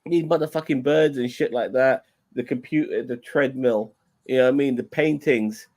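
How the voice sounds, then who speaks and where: A man's voice: mid-range voice, moderate pace, a little mellow. A man streaming in casual chat, rambling, repeating himself and swearing a lot.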